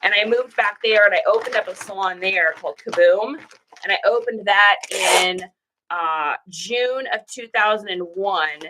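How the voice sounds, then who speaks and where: A woman's voice: mid-range voice, normal speed, noisy background. A woman in her forties from Washington State, with a stuffy nose from a cold, chatting casually and rambling as she works through reseller orders. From Washington State, USA. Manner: rambling and chatty, full of "like" and "situation". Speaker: reseller vlogger. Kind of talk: casual vlog chat.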